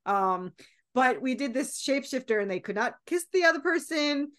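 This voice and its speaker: Animated woman guest with a higher voice. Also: normal speed. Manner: animated, filler-heavy storytelling with laughs. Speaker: guest comic creator and co-author. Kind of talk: casual interview chat.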